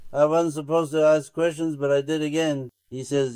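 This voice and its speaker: A man's voice: mid-range voice, fairly even intonation, normal speed, hardly any pauses, darkish tone, clear, resonant tone, no echo. A man preaching as a sheikh, telling a religious story in sermon style and stopping often to say who is speaking. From Turkey. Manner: retells a tale with many "he says" tags. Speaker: sheikh preaching to his circle.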